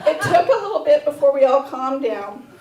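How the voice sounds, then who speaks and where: On a theater stage, a woman in her fifties experiencing menopause performs stand-up, recounting a frank personal story as the crowd laughs. She speaks at a moderate pace in a high, sing-song voice, rising to shouted reenactments, and the roomy recording is taken from a distance amid crowd noise.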